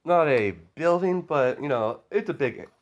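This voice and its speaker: A man's voice: a little high, animated, unhurried. A man improvising a fan story as a storyteller, rambling with many fillers and self-corrections.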